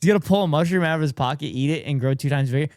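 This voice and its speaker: Male streamer, excitable live reaction host, close dry mic. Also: a little high, very fast, no echo. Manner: excitable, repeats phrases, laughs often. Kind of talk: casual reaction commentary to chat.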